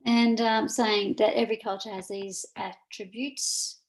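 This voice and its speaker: An Australian woman gives an informal recorded lecture, pointing at slides as she goes. Her voice has a gravelly fry at the edges. A faint noise sits under the recording. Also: mid-range voice, level tone, measured pace, rough recording. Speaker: teacher.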